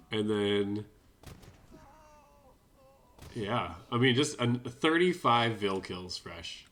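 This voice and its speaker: A man's voice: mid-range voice, fairly bright tone. A man giving casual, chatty commentary over a strategy game replay, with wry self-deprecating asides. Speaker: gaming commentator.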